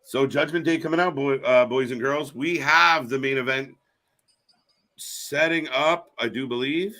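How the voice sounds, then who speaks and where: A man's voice: medium pitch, a little slow, sharp tone. A man co-hosting a live reaction stream in casual, jokey chat that trails off into fillers. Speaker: co-host of a live wrestling watch-along stream.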